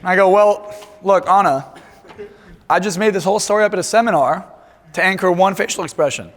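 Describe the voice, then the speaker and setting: A man's voice: sits high, a little fast. Brash profane man in echoey hall. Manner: brash, profane, comic storytelling. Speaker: seminar speaker. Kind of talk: live seminar storytelling. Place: large seminar hall.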